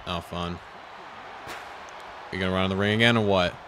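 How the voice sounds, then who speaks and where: A young man giving frustrated, sarcastic commentary over his own video game play, swearing and swinging from mutters to yells. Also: deep voice, fairly even intonation, normal speed, crowd noise, background noise. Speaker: gaming YouTuber.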